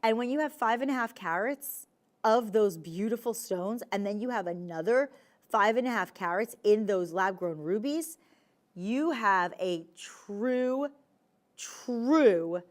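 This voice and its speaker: A woman with a New Jersey accent hosting a live TV shopping show, pitching jewelry in a chatty, animated sales patter. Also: a little slow. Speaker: shopping channel host. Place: TV studio.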